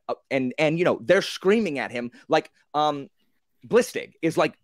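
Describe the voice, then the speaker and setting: A man in a casual group book discussion, telling the story with animated, acted-out reactions and many fillers. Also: a little high, moderate pace, dry recording, clean studio sound.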